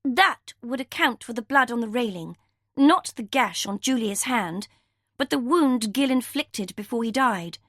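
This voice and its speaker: A woman's voice: on the high side, lively intonation, unhurried, a bit bright, dry recording, voice pushed up. Woman reading young woman sleuth, audiobook, eager, earnest, dry close voice. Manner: eager, reasoning aloud.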